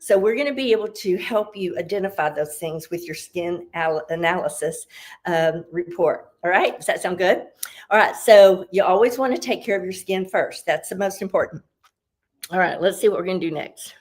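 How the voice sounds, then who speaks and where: A woman's voice: on the low side, normal speed. A woman giving a casual, upbeat beauty tutorial as a consultant, chatty and explaining step by step, a little out of breath.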